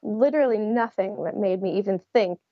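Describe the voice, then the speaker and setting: A woman's voice: medium pitch, brisk, no echo, lo-fi sound. A young adult woman, an interview guest, telling her story in a casual way and laughing often. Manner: laughs often while recounting.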